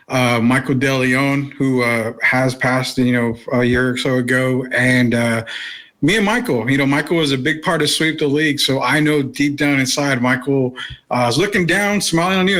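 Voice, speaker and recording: A man hosting a casual sports talk show, relaxed and saying "man" often. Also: mid-range voice. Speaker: show host.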